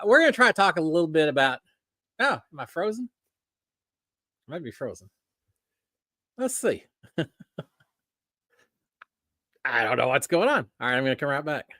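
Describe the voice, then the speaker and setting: A man's voice: high-pitched, pushed and bright, no room sound, clean studio sound. A middle-aged man from Texas with a Texan accent, hosting a live stream in a folksy, friendly way and laughing at himself. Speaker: host.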